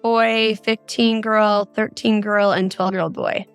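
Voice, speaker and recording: A woman's voice: medium pitch, steady tone, a little slow, clear, resonant tone, soft background music. A middle-aged woman from Arizona, a mother of four, earnestly recounting a frightening experience as a guest on a podcast. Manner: earnest, detailed storytelling.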